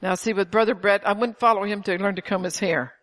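A woman's voice: medium pitch, fairly even intonation, quick pace, noisy background. An older woman preaching an informal sermon to a small congregation, telling stories with emphasis and frequent chuckles. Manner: emphatic, storytelling, chuckles often.

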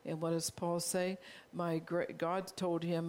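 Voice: medium pitch, flat delivery, unhurried, a little mellow. A pastor delivering a sermon in an earnest, confessional way, calling out to the congregation. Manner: earnest, confessional preaching with call-outs to the congregation.

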